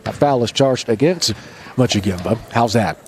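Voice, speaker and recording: A man doing play-by-play commentary for a high school basketball game, trading light jokes with his partner between calls. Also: animated. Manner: jokey, quick banter between calls. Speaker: play-by-play announcer. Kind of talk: sports commentary.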